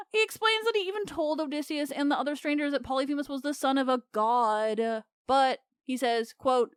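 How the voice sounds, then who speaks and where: A woman's voice: high-pitched, moderate pace, dry recording, clean studio sound. A woman hosting a podcast, retelling myths in a chatty, irreverent way that breaks into laughter. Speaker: podcast host. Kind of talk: comic myth retelling.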